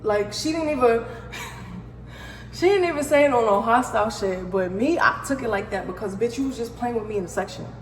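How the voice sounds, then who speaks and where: A young woman with a New York accent telling a profane, animated storytime, full of slang. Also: on the high side, brisk, roomy sound, big-room sound, a little hiss or hum, low-quality recording. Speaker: vlogger. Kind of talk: casual storytime.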